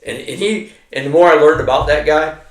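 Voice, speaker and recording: A man's voice: a little high, brisk, slight background noise. A middle-aged man, an army veteran, telling rambling war stories in casual chat, swearing constantly. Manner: profane, rambling, heavy swearing. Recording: echoey room.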